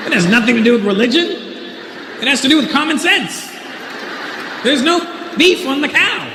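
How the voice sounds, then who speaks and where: A Canadian man does stand-up with a high, wry observational delivery. The sound carries the long reverb of a roomy hall, with faint noise underneath and laughter from the audience. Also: expressive, moderate pace. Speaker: stand-up comedian. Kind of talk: stand-up comedy. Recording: echoey live hall recording.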